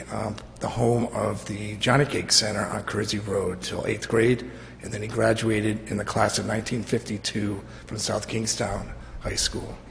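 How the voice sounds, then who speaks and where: A middle-aged man, a veterans' post commander, giving an emotional, halting tribute at public comment in a council chamber. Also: lowish voice, gravelly, a little hiss or hum. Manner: halting and emotional, with many fillers. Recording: reverberant council chamber with faint ambience.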